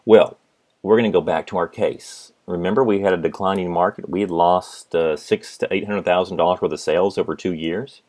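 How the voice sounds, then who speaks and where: A middle-aged man giving a business lecture as a professor, telling stories in an animated way and acting out the people in them. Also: sits low, fairly quick. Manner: animated storytelling, acts out his father. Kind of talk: recorded lecture.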